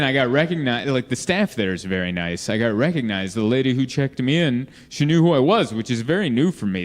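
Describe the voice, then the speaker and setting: A man doing a stand-up comedy set in a club, telling stories with lively delivery and acting out the people in them. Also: a little high. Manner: lively storytelling, acts out quoted people in shifting voices. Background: audience laughter.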